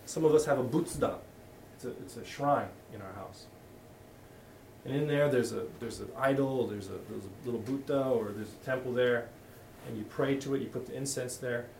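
Heard from a distance in the echo of a church hall, a middle-aged male pastor preaches conversationally and candidly, repeatedly restarting sentences. He speaks at a moderate pace with a medium-pitched, creaky, darkish voice, and slight background noise is present.

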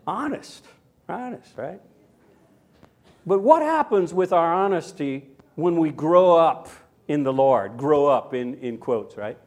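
A man's voice: on the high side, animated, takes it slowly. An older man preaching a sermon in a chatty, anecdotal way, with frequent asides and tag questions. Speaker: pastor. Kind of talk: sermon with personal story.

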